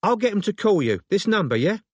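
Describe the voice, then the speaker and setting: Audiobook: a male narrator playing a wary, belligerent London woman on the phone, raised pitch, terse lines. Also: sing-song, a little fast, dry recording. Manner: suspicious, curt, blunt.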